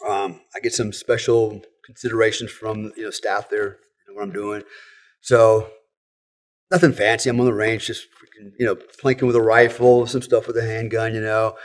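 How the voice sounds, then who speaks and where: A man's voice: lowish voice, little pitch movement, moderate pace. A middle-aged man, a former special operations soldier, telling blunt, profane stories as a podcast guest and chuckling often. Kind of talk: casual storytelling in a podcast interview.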